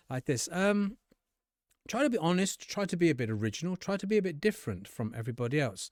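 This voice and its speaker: A man teaching English to camera in a casual, conversational way, sometimes jumping his voice up high to act out sample dialogues. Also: big pitch swings, fast, dry recording, studio quality. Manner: conversational, acts out sample dialogues with bright jumps in pitch. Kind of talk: casual spoken lesson to camera.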